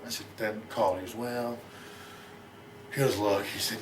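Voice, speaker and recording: A middle-aged American man in a sit-down interview, telling a long story in a rapid, rambling way and acting out what others said. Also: fairly low pitch, steady tone, noisy background. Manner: rapid, rambling, acts out quoted lines.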